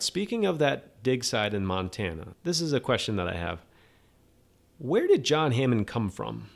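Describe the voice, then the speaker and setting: Guy on a podcast, chatty and baffled, keeps firing off questions, mid-pitch voice. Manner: incredulous, questioning, animated. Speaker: podcast host. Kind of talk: casual podcast monologue.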